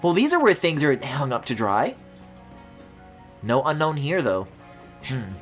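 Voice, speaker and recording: Excitable woman streamer with lively pitch. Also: unhurried, soft background music. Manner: swinging from loud squealing outbursts to low mutters, swears often. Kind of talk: casual game commentary.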